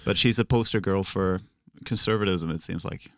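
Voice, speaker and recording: A man's voice: low-pitched, normal speed, a bit bright, a little hiss or hum. A man from Norway, a stand-up comic guesting on a podcast, talking in a laid-back, wry way. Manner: laid-back, wry, laughing at his own jokes. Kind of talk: casual conversation.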